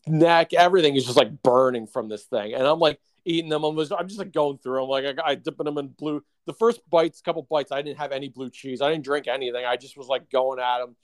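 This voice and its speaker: A man co-hosting a podcast tells a long story in casual chat, with lots of fillers and laughter. His medium-pitched voice moves briskly with few pauses, and there's no echo.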